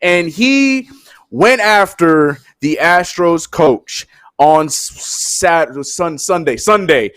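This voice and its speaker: A man co-hosting a live sports show, chatting casually and animatedly and mimicking people in high voices. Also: expressive, takes it slowly, a bit bright, smooth, dry recording, studio quality.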